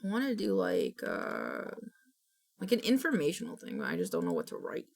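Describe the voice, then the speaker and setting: A woman's voice: extremely low pitch, huge pitch swings, moderate pace, creaky. A young adult woman streamer in casual live-stream chat, dramatic, breaking into shrieks and groans and restarting her sentences.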